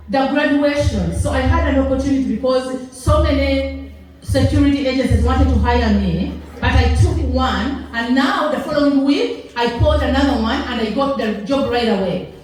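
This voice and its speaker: A woman with a Ugandan accent recounts her own story to a crowd, acting out each exchange with lively back-and-forth. Her voice sits a little high for a woman. It echoes heavily around a large hall, picked up from some distance away. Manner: animated, acts out dialogue, laughs through lines. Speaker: event speaker. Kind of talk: personal storytelling to a live audience. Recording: echoey hall, mic from far off.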